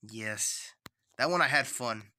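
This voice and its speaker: A man's voice: medium pitch, slow, bright, forceful tone. A man streaming while he draws and animates, talking to himself in a rambling, chatty way. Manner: rambling, chatty self-talk. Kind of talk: casual livestream chat.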